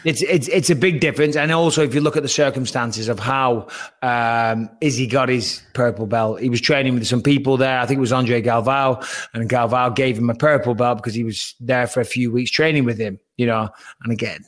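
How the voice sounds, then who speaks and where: A man in casual podcast chat, breaking down a fight in an animated, emphatic way and swearing freely. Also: medium pitch, fairly quick.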